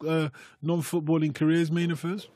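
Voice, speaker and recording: Jokey male radio host, husky voice. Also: on the high side, flat delivery, moderate pace, dark tone. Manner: jokey, teasing, chatty. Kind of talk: casual radio chat, reading listener emails. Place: radio studio. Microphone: studio microphone.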